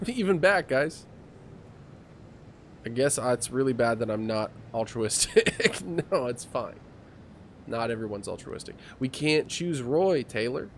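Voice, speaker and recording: A man's voice: mid-range voice, slight background noise. A man streaming a game, chatting casually, reading the game text aloud and asking viewers to help him decide. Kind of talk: casual gameplay commentary. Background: game music.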